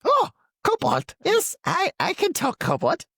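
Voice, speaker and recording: A high, sing-song Igor-like kobold. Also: male voice, wildly swooping pitch, a little slow, sharp tone, dry recording, clean studio sound, full character voice. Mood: eager. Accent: Eastern European. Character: small male kobold cultist, eager servant. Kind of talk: reading aloud in character.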